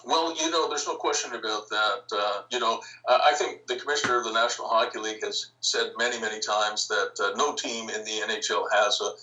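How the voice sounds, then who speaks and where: An older man recounts stories as a podcast guest, his voice bright and forward. He talks in a lively, anecdotal way and laughs lightly between points. The sound is a little distant from the microphone. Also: lowish voice, a little fast, few pauses. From Canada. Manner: anecdotal, animated, chuckles while telling stories. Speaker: interview guest, hockey team founder. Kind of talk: storytelling podcast interview.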